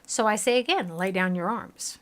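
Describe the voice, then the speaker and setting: A woman's voice: medium pitch, normal speed, fairly bright tone, lightly acted. A woman with a Southern US accent voicing a towering, stern bearded male warrior who issues threats, read aloud from game text. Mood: threatening.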